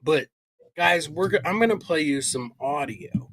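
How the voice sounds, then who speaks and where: A man's voice: on the high side, lively intonation, a little slow, fairly bright tone. A man co-hosting a casual podcast, rambling, joking and swearing freely. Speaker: podcast co-host.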